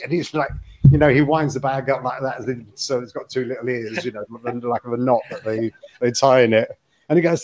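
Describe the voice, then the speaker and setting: A man in his sixties, a guest musician telling a story in a casual chat, animated and laughing often. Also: mid-range voice, quick pace.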